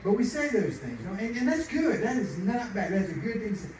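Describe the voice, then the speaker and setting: A middle-aged man preaching a sermon, chatty and animated, telling family stories and laughing along. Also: sits high, brisk, crowd noise. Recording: echoey room, distant mic, noisy.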